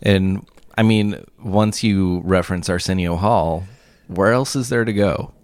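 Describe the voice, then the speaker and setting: A man's voice: deep voice, a little slow, darkish tone. A man co-hosting a casual comedy podcast, teasing and laughing often. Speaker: podcast co-host.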